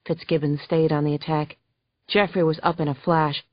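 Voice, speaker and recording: A woman narrating a thriller audiobook in the first person, steady and measured. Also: sits low, no echo, highs cut off.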